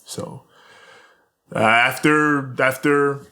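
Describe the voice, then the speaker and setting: A man's voice: medium pitch, steady tone, very slow, bright, forceful tone. A man co-hosting a casual wrestling podcast, laughing often and retelling scenes with quoted lines. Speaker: co-host recapping wrestling.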